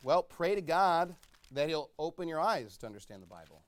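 A male pastor preaching a sermon, reading scripture slowly and swinging between loud shouted calls and low quiet asides. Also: big pitch swings. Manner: reads scripture in slow, drawn-out cadence.

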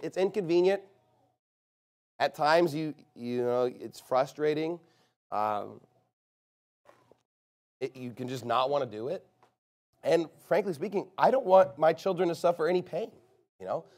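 Here a man gives a sermon that rises and falls between quiet, low sections and loud, insistent ones, with deliberate slowing on important phrases.

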